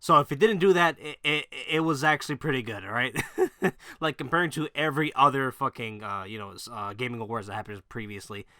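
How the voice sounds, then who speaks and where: A man's voice: medium pitch, fairly quick, bright, forceful tone, dry recording, studio quality. A man giving a blunt, profane opinion rant to his viewers, rambling with fillers and laughing between points. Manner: loose rambling with restarts and fillers. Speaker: gaming video creator. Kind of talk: casual opinion rant to camera.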